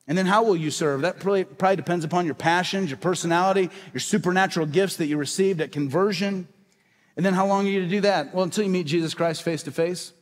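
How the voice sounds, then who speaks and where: A pastor with a fairly high voice for a man preaches fast in a church sanctuary. He uses emphatic repetition and poses questions he answers himself, with a long reverb hanging behind him.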